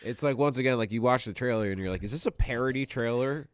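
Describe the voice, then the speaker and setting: A man's voice: medium pitch, quick pace, clear, resonant tone, dry recording, clean studio sound. A man co-hosting a casual podcast chat, telling rambling, profane stories and laughing often. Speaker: podcast co-host.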